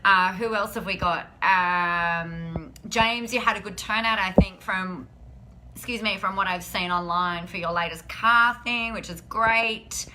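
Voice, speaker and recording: A woman's voice: mid-range voice, fairly even intonation, a little slow, noisy background. A woman hosting a live stream, chatting in an upbeat, encouraging way and often saying "like". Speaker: host of a weekly live business show. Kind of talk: casual live-stream chat.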